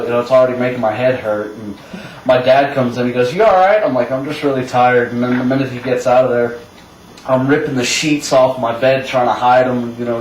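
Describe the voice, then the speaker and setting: A man's voice: medium pitch, a little mellow. A young man casually telling a rambling party story, laughing often as he goes. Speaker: co-host telling stories. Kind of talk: casual chat. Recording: echoey room, mic far off, faint hiss.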